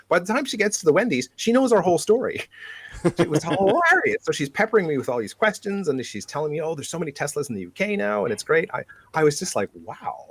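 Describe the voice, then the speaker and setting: A man's voice: fairly high pitch, slightly rough, no room sound. A man co-hosting a podcast, telling road trip stories casually and acting out the people he met. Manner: animated storyteller, acts out quotes. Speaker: podcast co-host. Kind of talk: casual storytelling chat.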